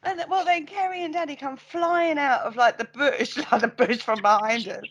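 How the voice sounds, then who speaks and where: A woman's voice: high voice, moderate pace, highs cut off. A woman, a paranormal investigator, chatting as a podcast guest in a bubbly, eager way. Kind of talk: casual podcast chat.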